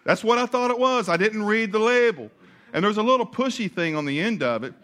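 Brief: male pastor, slightly high voice, self-mocking storyteller. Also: a little fast. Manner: animated storyteller, laughing at himself. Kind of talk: sermon storytelling.

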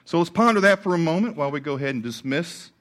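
Brief: male pastor, slightly high voice, self-mocking storyteller. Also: fast talker. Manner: animated storyteller, laughing at himself. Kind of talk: sermon storytelling.

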